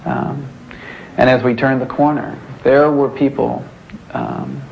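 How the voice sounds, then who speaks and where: A man's voice: medium pitch, fairly even intonation, slow pace, gravelly, slight background noise. A man in a documentary interview, plainly recounting events. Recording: dull lo-fi recording with faint ambience.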